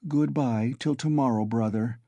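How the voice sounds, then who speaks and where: A man doing a proud, gentle young woman. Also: mid-range voice, normal speed, no echo, natural voice. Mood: compassionate. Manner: soft but firm.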